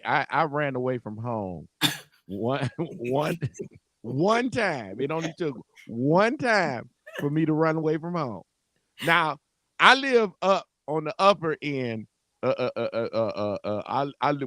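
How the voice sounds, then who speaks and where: A man co-hosts a laid-back talk show and spins a story in a high, bright voice. He laughs easily and stammers as he goes, and the room sounds dry and close. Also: expressive, a little slow, no room sound. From Cleveland, Ohio. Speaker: co-host. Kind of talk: casual storytelling chat.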